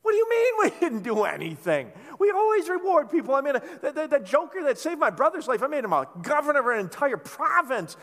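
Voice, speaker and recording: A man's voice: very high voice, very animated, a little fast, hardly any pauses, a bit bright, long reverb tail, voice pushed up, full character voice. A man voicing an indignant ancient Persian king, in exasperated, incredulous outbursts during a sermon.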